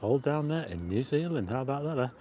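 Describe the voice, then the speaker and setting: Strolling through a city park on a live walking vlog, this host speaks in a mid-range, warm voice that is animated and quick. Sound comes from a plug-in mic on a stabilized phone, with a little hiss or hum. He chats loosely, says hello to viewers and reads out their messages.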